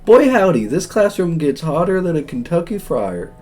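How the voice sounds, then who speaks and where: A man doing a courtly old Southern gentleman. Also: a little high, sing-song, moderate pace, a little hiss or hum, pitched above the performer's own voice.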